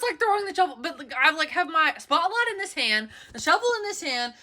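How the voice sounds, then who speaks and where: Woman, bright voice, a bit high, shaken, breathless storytime vlog, animated with lots of fillers. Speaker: storyteller vlogger. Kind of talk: casual storytime.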